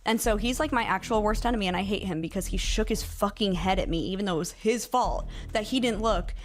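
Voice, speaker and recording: A young woman hosting a casual vlog, telling stories in a chatty, swearing, animated way into a studio mic. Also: medium pitch, fast, a little hiss or hum. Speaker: YouTube commentary host.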